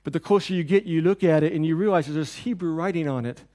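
High-voiced man preaching a sermon. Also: fast, mellow. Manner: earnest, repetitive preaching cadence. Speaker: pastor. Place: church.

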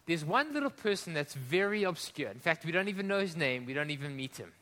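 A man from Africa preaches with a fairly high, forceful voice that lands hard on key words and then sinks almost to a hush. He keeps putting questions to the congregation. The sound carries a long reverb, as in a large echoing church hall. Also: very animated, a little fast. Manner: impassioned, swinging between loud emphasis and hushed drops. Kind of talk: sermon.

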